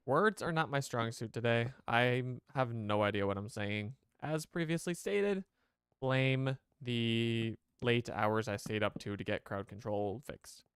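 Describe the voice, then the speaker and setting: Smooth-voiced male streamer rambling. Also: medium pitch, a little slow, few pauses, fairly bright tone, no room sound. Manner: rambling, chatty, talks to chat. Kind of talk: casual game commentary.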